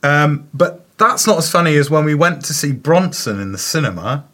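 A man's voice: on the high side, big pitch swings, moderate pace, fairly bright tone. A man co-hosting a casual comedy podcast, telling rambling, crude anecdotes. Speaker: podcast co-host.

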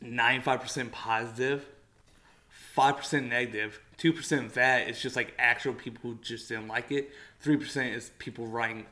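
A man's voice: medium pitch, steady tone, normal speed, pushed and bright. A young man hosting a casual podcast, talking loosely with swearing, fillers and laughter. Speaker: podcast host. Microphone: one shared mic among three.

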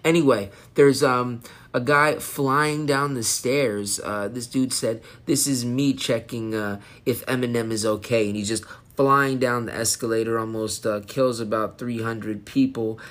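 Man, podcast host, high, rambling, excitable, casual solo rant, mid-pitched voice. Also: a little slow. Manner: rambling, excitable, jumps off topic.

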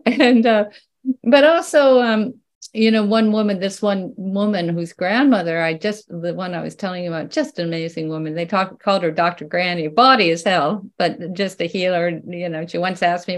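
An older woman talking as an interview guest, in a lively, casual way, laughing often and restarting her sentences. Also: lowish voice, moderate pace. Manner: animated, laughs often, many restarts and fillers. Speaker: guest, researcher.

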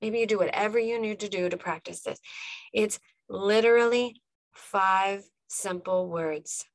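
A woman's voice: medium pitch, a little slow, no echo. Woman life coach pumping up her listeners, punchy repeated lines, dry sound. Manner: emphatic, repeats punchy phrases, talks straight to the listener. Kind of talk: motivational podcast monologue.

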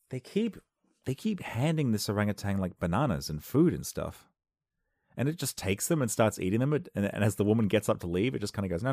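A man doing a rambling comic monologue into a close microphone, wry and self-interrupting, with sudden loud outbursts. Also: low-pitched, no room sound. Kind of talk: comedic podcast monologue. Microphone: close studio microphone.

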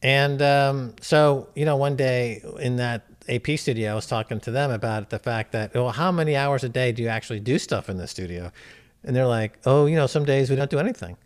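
A man's voice: medium pitch, normal speed, smooth. Brash New York man telling stories. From United States. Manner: brash, animated storyteller, swears freely. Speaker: show host. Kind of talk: casual podcast chat.

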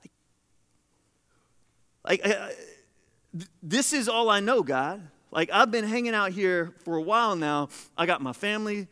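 A man preaching a sermon as pastor, shifting between hushed lines and loud, emphatic ones. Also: sits high, a little slow, long pauses, smooth, in a large hall. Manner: animated preaching, swings between soft and loud.

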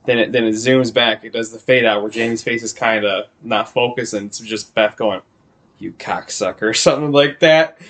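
A man co-hosting a podcast in casual chat, excitedly pitching dramatic scene ideas. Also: a little fast, hardly any pauses. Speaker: podcast co-host. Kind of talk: casual chat recapping a TV episode.

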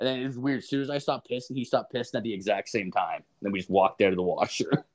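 A man's voice: lowish voice, steady tone, fast, slight background noise. A man co-hosting a podcast, telling a long story in casual chat, full of swearing and filler words. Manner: rambling profane storytelling, heavy filler. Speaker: podcast co-host.

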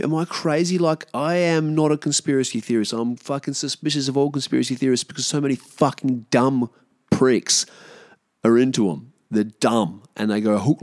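A man's voice: mid-range voice, vocal fry, no echo, clean studio sound. An Australian man hosting a solo podcast, ranting in a blunt, sweary, frustrated way. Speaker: podcast host.

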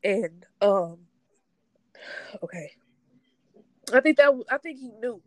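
A woman speaking in a halting, tearful way, sharing her grief in a casual conversation. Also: on the high side, lively intonation, darkish tone, dry recording, poor audio. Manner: halting, tearful, trying not to cry. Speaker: grieving sister sharing her story.

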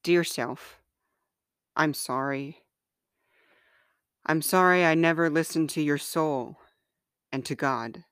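A woman hosting a podcast and reading aloud from her own book in a gentle, measured, heartfelt way. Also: low-pitched, clear, resonant tone, no echo, clean studio sound. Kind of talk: slow, earnest reading of personal writing.

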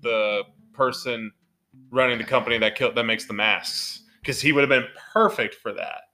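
A man's voice: medium pitch, normal speed, sharp tone. A man co-hosting a casual movie podcast, talking in an upbeat, rambling way full of fillers. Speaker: podcast co-host.

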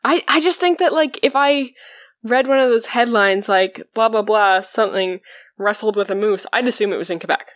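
A woman from Canada, a podcast guest chatting casually, relaxed and hesitant with fillers. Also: a little high, moderate pace, no room sound. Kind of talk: casual chat.

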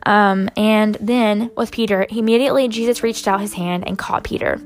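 A woman's voice: medium pitch, fairly even intonation, moderate pace. A young woman sharing a casual faith devotional, rambling and earnest, with many fillers and direct "you guys" asides to her viewers. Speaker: Christian vlogger sharing a devotional.

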